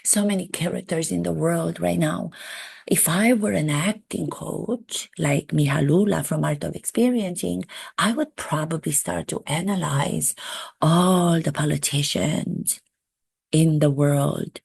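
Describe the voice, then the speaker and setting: A woman's voice: deep voice, unhurried, gravelly, a little mellow, husky, dry recording, exaggerated voice. A woman impersonating a gossipy, self-absorbed royal duchess. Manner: rambling, chatty, self-pitying asides. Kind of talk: satirical impression monologue.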